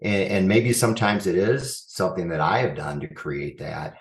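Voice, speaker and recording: Deep-voiced man in an echoey room. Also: animated, moderate pace. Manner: earnest, thinks aloud with frequent restarts. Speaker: school superintendent guest. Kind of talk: reflective interview answers.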